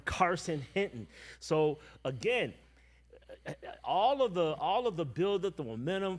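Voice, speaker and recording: Man talking football history. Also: fairly high pitch. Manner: measured, explains with stats and history. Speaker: football commentator. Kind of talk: casual sports chat.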